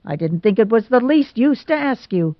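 A woman voicing a proud, quick-tempered young woman in a storybook reading. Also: on the high side, sing-song, dry recording, voice pushed up. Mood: indignant. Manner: stormy, indignant. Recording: dull lo-fi recording.

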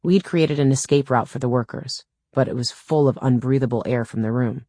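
A woman's voice: very deep voice, brisk, warm tone, breathy edge, no room sound. Wry woman narrating an audiobook. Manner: wry, dry first-person storytelling. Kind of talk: first-person audiobook narration.

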